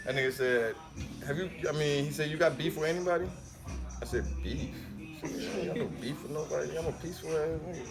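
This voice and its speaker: Dude telling a wild story on a podcast, quick talker, acts out every voice, music in the back. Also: male voice, a little high. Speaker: podcast guest. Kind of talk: storytelling in casual chat.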